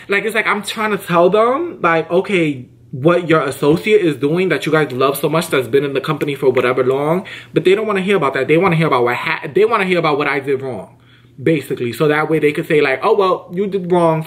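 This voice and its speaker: A young man in his twenties tells a story straight to camera in a casual, animated way. His voice sits a little high for a man, and he slips into each person's lines as he quotes them. He talks fast and with plenty of attitude. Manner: animated, quick-talking, acts out quoted dialogue. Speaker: YouTuber telling a story.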